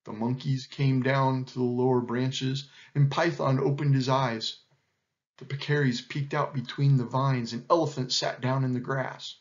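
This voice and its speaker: A man reading a children's animal story aloud in an expressive, animated way. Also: mid-range voice, measured pace. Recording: dull lo-fi recording.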